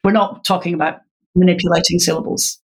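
A woman's voice: on the low side, flat delivery, fast, husky. A woman guest in an interview, patiently explaining in a teacherly way and laughing now and then. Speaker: literacy educator guest.

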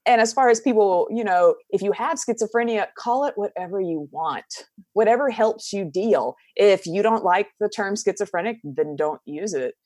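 A woman's voice: medium pitch, expressive, normal speed, hardly any pauses, a little mellow, no room sound, studio quality. A woman from the southern United States with a Southern accent, a podcast guest talking casually and candidly, laughing often and trailing off into fillers.

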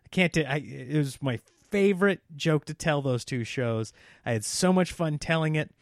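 A man's voice: fairly high pitch, expressive, normal speed, no echo, clean studio sound. A man hosting a comedy podcast alone, rambling and interrupting himself, often laughing at his own jokes. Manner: mocks politicians in a put-on speech voice.

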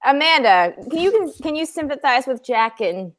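A woman's voice: high voice, big pitch swings, normal speed, fairly bright tone. A woman co-hosting a podcast over a video call, ribbing the others playfully and giggling often. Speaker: podcast co-host. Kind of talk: casual video-call chat.

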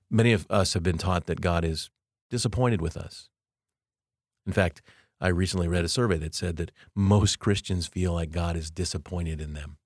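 A man hosting a podcast, giving a reflective devotional monologue with slow, deliberate, emphatic phrasing. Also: sits low, dry recording, clean studio sound. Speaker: podcast host.

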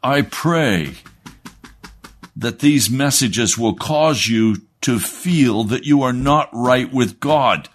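A man's voice: medium pitch, lively intonation, slow. A man, a pastor delivering an earnest, emphatic radio sermon.

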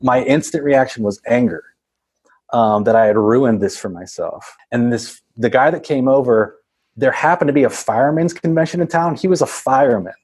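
A man's voice: medium pitch, moderate pace, a little mellow, slightly rough. A man casually telling a long story, rambling with many fillers and laughing as he goes. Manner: rambling, laughs often, acts out voices of others.

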